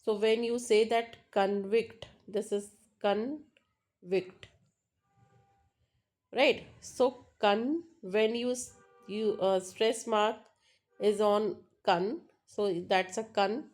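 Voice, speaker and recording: Slow-speaking woman teaching a lesson. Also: medium pitch, steady tone, darkish tone. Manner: slow and repetitive, explaining with many pauses and fillers. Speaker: English teacher. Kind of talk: classroom lecture.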